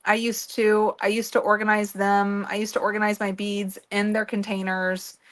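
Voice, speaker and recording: A woman's voice: mid-range voice, level tone, moderate pace. A woman co-hosting a casual beading livestream, talking in a rambling way with many fillers and restarts. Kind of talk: casual chat.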